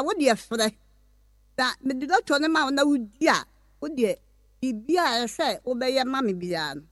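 A woman's voice: sits high, no room sound, clean studio sound. An older woman, a spiritual healer, advertising her services on radio in an emphatic sing-song way. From Ghana.

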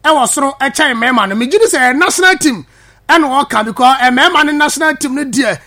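A man with a Ghanaian accent presenting sports news, lively, switching between his local language and English. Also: very high-pitched, fairly quick. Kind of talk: news commentary.

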